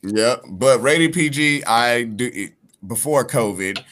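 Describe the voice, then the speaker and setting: A man's voice: medium pitch, animated, slow, a bit bright. A male comedian guest telling stories and jokes in a casual podcast chat. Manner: storytelling, joking.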